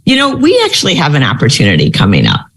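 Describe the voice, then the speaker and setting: A woman's voice: rumbling low, fast talker, breathy edge. A woman in her fifties giving a career talk in a live question session, telling stories with lots of fillers and restarts. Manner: storytelling, animated with many fillers. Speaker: career speaker.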